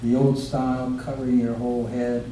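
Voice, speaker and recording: A man giving an informal devotional remembrance talk, halting often with fillers and restarts as he recalls stories. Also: mid-range voice, completely flat delivery. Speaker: guest speaker. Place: devotees' home, recorded from across a room. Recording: echoey room from far off, faint hiss.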